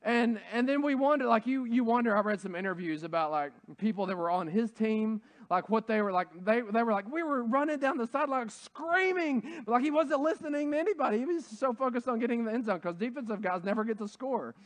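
A man preaching a sermon in a casual, conversational way, full of fillers and restarts, growing loud and excited when he retells a story. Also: high-pitched, fast, hardly any pauses. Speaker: pastor.

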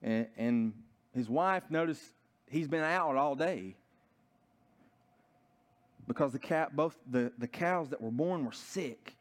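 A man's voice: a little high, animated, slow, long pauses. A man preaching a sermon in a church, telling a story earnestly and often restarting his sentences. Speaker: pastor.

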